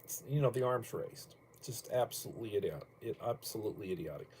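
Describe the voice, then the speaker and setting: An older man streams casually from home, rambling bluntly between topics and cursing offhandedly. His darkish, fairly low voice has lively intonation and a quick pace, with slight background noise.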